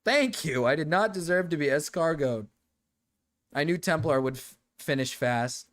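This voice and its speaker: A woman's voice: deep voice, lively intonation, moderate pace. A woman streamer giving casual reaction commentary, rambling and profane, laughing often.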